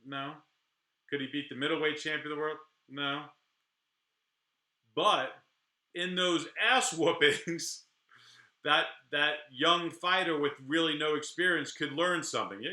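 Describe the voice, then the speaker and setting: A middle-aged criminal defense attorney talks candidly to camera in a casual, rambling, animated way, often restarting his sentences. His voice is a little high, his speed normal, and the sound is roomy.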